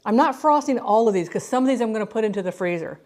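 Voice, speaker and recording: A woman's voice: a little high, lively intonation, fast talker, darkish tone. A woman hosting a casual cooking livestream from her home kitchen, chatting with viewers by name and often restarting her sentences.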